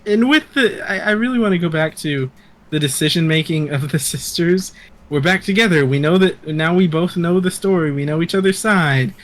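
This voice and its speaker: A man's voice: a little high, fairly quick, fairly bright tone. A man talking as a podcast guest, chatting casually with wry questions and jokes. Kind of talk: casual recap chat.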